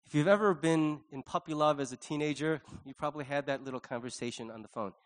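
Male pastor, high-pitched, earnest sermon delivery with big quiet-to-loud swings. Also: quick pace.

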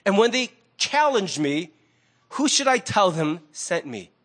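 A man's voice: high voice, big pitch swings, unhurried, fairly bright tone, full character voice. A man voicing an insecure, anxious man who pours out his doubts in a rush, in a retold story within a sermon.

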